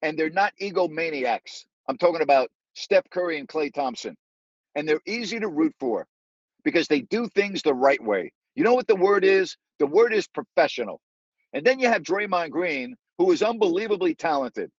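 A man's voice: fairly high pitch, lively intonation, moderate pace, dry recording, dull audio. Angry male sports talk host. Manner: indignant, repetitive, emphatic. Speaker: live audio show host.

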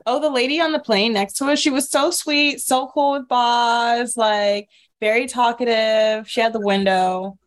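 A young woman co-hosting a podcast, telling a story in a casual, chatty way full of fillers and quick laughs. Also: fairly high pitch, fairly even intonation. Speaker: podcast co-host.

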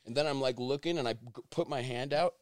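A man's voice: medium pitch, fast, no echo, clean studio sound. A man telling a wild story as a podcast guest, swearing constantly and acting out what people said. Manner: animated, swears constantly, acts out quotes. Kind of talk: casual storytelling interview.

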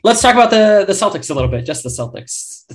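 A man's voice: high-pitched, very animated, fast talker. Upbeat man hosting a sports chat. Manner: laughs often, upbeat banter. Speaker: podcast host. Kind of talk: casual sports podcast chat.

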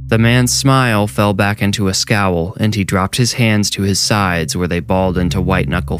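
A man narrating a horror story in a measured, steady storytelling voice. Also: lowish voice. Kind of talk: scripted narration.

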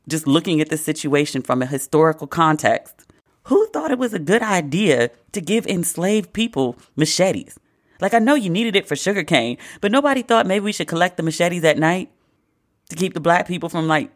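This is casual comedic commentary from a podcast host based in the United States. He speaks in a mid-range voice, and his delivery is profane and sarcastic, peppered with animated asides.

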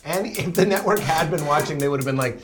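A man as a guest comedian in a casual chat, playful and teasing. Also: on the high side. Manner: playful, teasing, quick to riff. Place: home kitchen. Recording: clicks over background noise.

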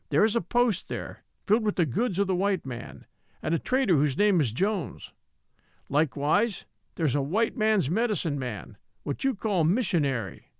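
A man voicing a patient old native man who tells his story slowly and solemnly in formal, old-fashioned speech. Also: high-pitched, no room sound, clean studio sound.

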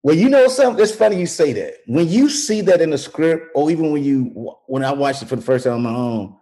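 Animated husky-voiced man telling stories. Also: a little high, a little fast, poor audio. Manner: animated, jumps into voices when quoting people, laughs mid-story. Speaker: actor and comedian, podcast guest. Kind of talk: casual storytelling.

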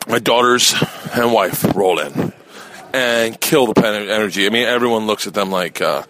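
A man's voice: on the low side, normal speed, a bit bright. A middle-aged man hosting a podcast, telling a rambling, profane comic story in a casual way. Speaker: podcast host. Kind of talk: comedic storytelling.

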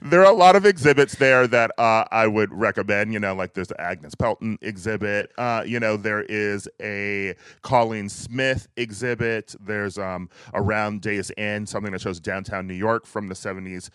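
A man hosting a casual podcast chat, talking in a chatty way with frequent laughs and lively asides. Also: fairly low pitch, normal speed, hardly any pauses, clear, resonant tone, dry recording. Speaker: podcast host.

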